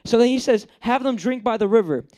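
A man's voice: very high voice, animated, a little fast, a little mellow. A young man giving a casual, joking sermon, acting out the characters he talks about. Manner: chatty, joking, acts out characters. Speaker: preacher.

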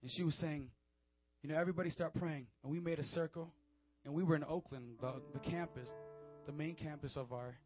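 A man's voice: fairly high pitch, fairly quick, soft background music. A man preaching a fervent, emphatic sermon to a young audience, often calling out to his listeners. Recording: dry, dull lo-fi sound.

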